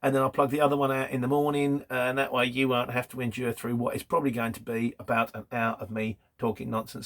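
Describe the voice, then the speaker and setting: A man's voice: medium pitch, level tone, fast, hardly any pauses, fairly bright tone. A man hosting a casual question-and-answer monologue, telling stories chattily and acting out other people's lines in a raised voice. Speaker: host answering viewer questions.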